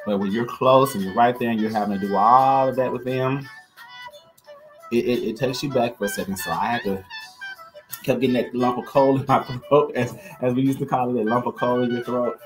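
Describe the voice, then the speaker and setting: A man's voice: mid-range voice, fairly even intonation, fairly quick, over music. Chatty man hosting a live sale. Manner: chatty and upbeat, talks straight to viewers. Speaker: live-stream jewelry seller and host. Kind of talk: live-stream sales chat.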